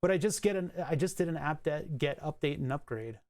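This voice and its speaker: A streamer thinking aloud while fixing software on a live stream, cursing and laughing at the frustration. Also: mid-range voice, animated, a little fast.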